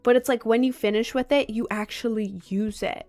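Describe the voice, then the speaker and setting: A woman's voice: a little high, fairly even intonation, normal speed, darkish tone, faint music behind. A young adult woman streaming live from her desk, chatting casually in a rambling, filler-heavy way, sleepy and yawning often. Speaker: livestreamer. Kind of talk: casual livestream chat. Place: home streaming setup at a desk.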